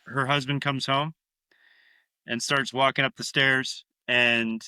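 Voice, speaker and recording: A man's voice: mid-range voice, takes it slowly, clear, resonant tone, no echo. A man co-hosting a podcast, retelling a horror film scene by scene in casual, profane chat. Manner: profane, animated retelling with acted-out quotes. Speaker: podcast co-host.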